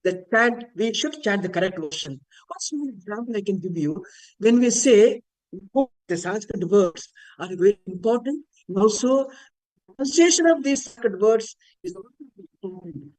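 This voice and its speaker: At a moderate pace, a man from India lectures on Vedic chanting in a webinar, patiently chanting Sanskrit words to show their intonation. His voice sits high, expressive and darkish, coming through a video call with rough recording quality.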